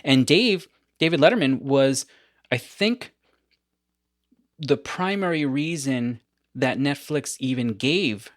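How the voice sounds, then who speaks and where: A man hosting a podcast in casual chat, telling stories with animated energy and frequent laughter. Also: medium pitch, slow, long pauses, dry recording, clean studio sound. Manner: animated storyteller, laughs often. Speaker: podcast host.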